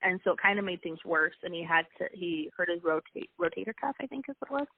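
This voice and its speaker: A woman's voice: on the low side, lively intonation, quick pace, gravelly, husky. Young woman talking over a tinny line. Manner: emotional, chatty, frequent laughs and restarts. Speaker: interview guest, wrestling coach's wife. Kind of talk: casual personal storytelling. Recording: tinny phone-like line, dry.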